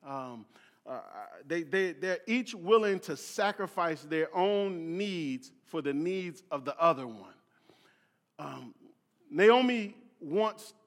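A man's voice: sits high, a bit bright. A male preacher from Philadelphia reading scripture and explaining it, often stumbling over and repeating his words. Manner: repeats words, restarts often, many fillers, reads scripture aloud. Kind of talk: sermon. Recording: long hall reverb.

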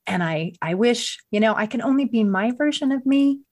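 A woman's voice: fairly high pitch, expressive, normal speed, darkish tone. A woman hosting an interview, enthusiastic and affirming as she reflects on what her guest said. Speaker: host. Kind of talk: warm interview conversation.

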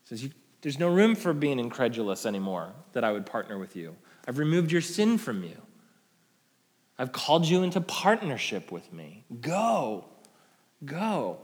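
Man preaching with loud-soft swings. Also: mid-range voice, sing-song, normal speed. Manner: conversational preaching with frequent "right?" tag questions; swings between loud emphatic peaks and soft dropped endings. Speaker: pastor. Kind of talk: sermon. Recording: long hall reverb.

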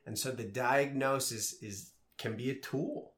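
A man's voice: mid-range voice, a little slow. A man co-hosting a podcast in casual chat, supportive, asking probing questions.

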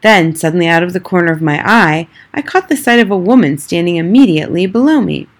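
Woman, storybook reader, husky, lowish voice, measured narration. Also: animated. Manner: measured storytelling, first person. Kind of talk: reading a children's novel aloud.

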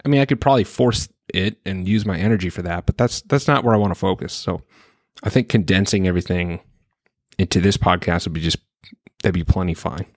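Man, podcast host, lowish voice, dry close sound, reflective, rambling, restarts a lot, swears now and then. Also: fairly quick, no echo. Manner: frank, with occasional swearing. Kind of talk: casual solo podcast monologue.

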